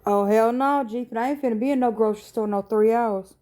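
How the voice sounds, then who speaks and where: A woman's voice: a little high, a little fast, mellow. A woman hosting a casual live stream from home at night, sleepy and yawning, greeting viewers in a laid-back, profane way. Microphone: phone.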